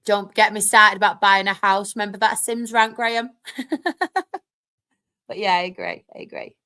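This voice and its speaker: With a clear, resonant mid-range voice, a young woman from Northern England runs a live stream. She chats casually, reads comments aloud, and gets excitable, laughing quickly.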